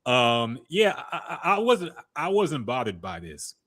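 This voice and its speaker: A man co-hosting a podcast, giving animated, casual opinions with swearing and quick bursts. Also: medium pitch. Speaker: podcast co-host.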